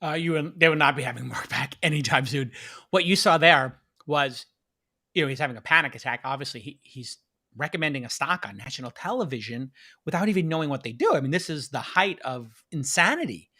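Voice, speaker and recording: Excitable male podcast host, fairly high pitch, live-stream chat. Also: fairly quick. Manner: excitable, hyping the audience.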